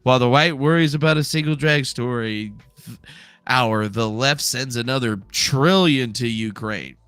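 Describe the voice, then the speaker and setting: A man's voice: medium pitch, normal speed, fairly bright tone, smooth, no echo. A man hosting a casual commentary stream, rambling, sarcastic and profane. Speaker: streamer host.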